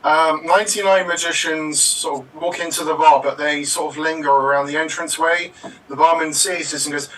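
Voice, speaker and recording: A man tells improvised joke setups in a hesitant, unhurried way. His voice is bright and a little high. He sounds set back from the microphone. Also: fairly even intonation, distant mic, poor audio. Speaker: improv player.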